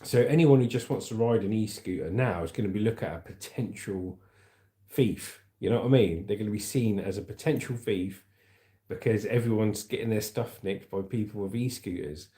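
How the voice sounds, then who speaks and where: A man's voice: on the low side, normal speed, mellow, echoey room. A man with a southern English accent reading the news aloud on a livestream, with casual, chatty asides to viewers. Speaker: livestream host.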